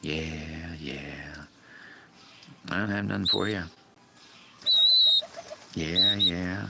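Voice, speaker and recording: Deep-voiced man rambling to his chat. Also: little pitch movement, slow, vocal fry. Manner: rambling and folksy, addresses chat by name. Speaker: livestream host. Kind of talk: casual chat with viewers. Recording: loud background noise.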